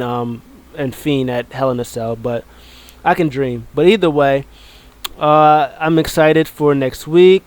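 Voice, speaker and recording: A man's voice: medium pitch, darkish tone. A man casually recapping a wrestling show, rambling with many ums and uhs and joking along the way.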